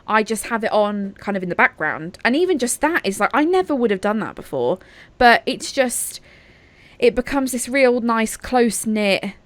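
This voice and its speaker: A woman's voice: fairly high pitch, animated, moderate pace, no room sound. A woman co-hosting a podcast in casual chat, chatty and encouraging, with frequent fillers. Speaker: podcast co-host.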